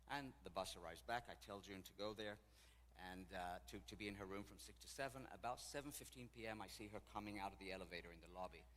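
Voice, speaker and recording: A man from Israel, a tour guide and guest speaker, telling stories in an animated, anecdotal way in a church. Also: lowish voice, quick pace, a little hiss or hum. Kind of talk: storytelling talk. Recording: echoey hall with faint ambience.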